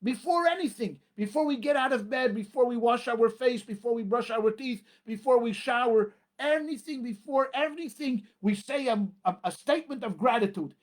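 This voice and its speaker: A man's voice: extremely high pitch, animated. Emphatic rabbi preaching, man. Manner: emphatic, repetitive preaching with dramatic pauses. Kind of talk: sermon.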